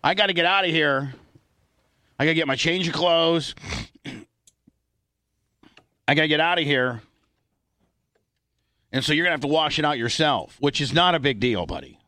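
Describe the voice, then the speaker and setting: A man's voice: on the high side, animated, moderate pace, long pauses, pushed and bright, dry recording, clean studio sound. A man hosting a radio show, chatting loosely, mumbling and repeating himself as he trails off. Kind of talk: casual studio banter.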